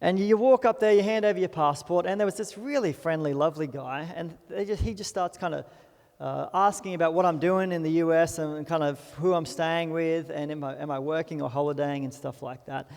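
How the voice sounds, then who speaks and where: A man's voice: on the high side, a little fast, darkish tone. A young Australian man preaching a sermon in a church, telling stories in a chatty, self-deprecating way. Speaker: pastor. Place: church auditorium. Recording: long hall reverb.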